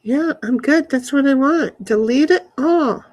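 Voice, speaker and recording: A woman's voice: high-pitched, measured pace, a little mellow. A woman live streaming from her backyard, rambling casually to herself and her chat and swearing now and then. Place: backyard, outdoors.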